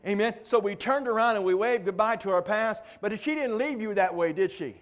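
A middle-aged man preaches a sermon a little fast, acting out prayers in a raised, pleading voice before dropping low.

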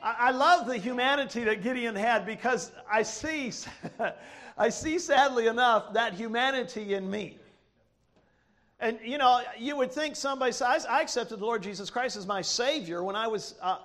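Man, pastor, high voice, emphatic sermon delivery, call-and-response. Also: normal speed, fairly bright tone. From Ohio, US. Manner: preaching with call-and-response, rising emphatic cadence.

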